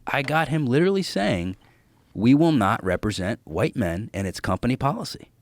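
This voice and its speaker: In casual podcast chat, a comedian guest tells animated, profane stories and performs the voices of the people he quotes. His voice is medium in pitch, his speed normal, and the recording dry.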